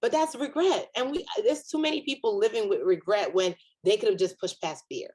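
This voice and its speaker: A woman comedian and author, guest on a virtual panel, talking in an animated storytelling way and acting out inner voices. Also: a little fast, breathy edge. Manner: animated storyteller, acts out inner voices with big pitch jumps.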